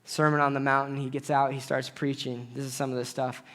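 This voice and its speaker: A man preaching a sermon in an animated way, acting out conversations with God as he speaks. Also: medium pitch, fairly quick. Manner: animated, acts out dialogues with God.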